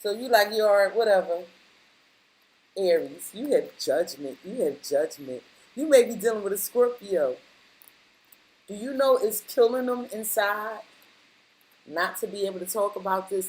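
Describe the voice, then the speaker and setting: Talking directly to the viewer, this woman reads tarot cards bluntly and casually, using slang and saying things more than once for emphasis. Her voice sits at medium pitch and sounds a little mellow, though the audio is poor.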